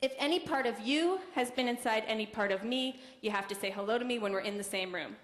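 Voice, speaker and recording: A young woman doing a stand-up comedy set with a deadpan, conversational delivery and quick asides to the audience. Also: fairly high pitch. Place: comedy club stage. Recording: roomy club recording with noise. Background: audience laughter.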